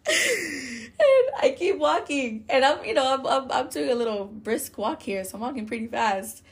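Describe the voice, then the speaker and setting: A woman's voice: high-pitched, sing-song, normal speed, husky. A woman hosting a podcast, telling a personal faith story in a casual, chatty way, with laughs, fillers and restarts. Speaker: podcast host.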